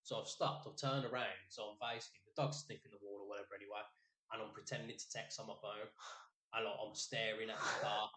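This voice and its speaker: Speaking fast in a fairly low voice, this podcast co-host spins a sweary, meandering story during a casual chat. His retelling is lively and animated.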